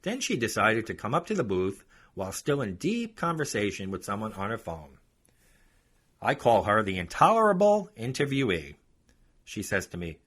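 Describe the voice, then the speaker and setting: A man's voice: on the low side, huge pitch swings, normal speed, a bit bright, breathy edge. A man hosting a podcast, telling a story bluntly and sarcastically. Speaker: podcast host.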